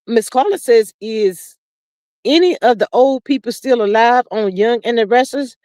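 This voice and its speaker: A woman's voice: a little high, moderate pace, darkish tone, no room sound, clean studio sound. A woman hosting a casual livestream, chatting and gossiping in a sassy drawl, reading viewer comments aloud and calling everyone "child" and "honey.". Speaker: livestream host. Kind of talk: casual gossip chat with live chat readers.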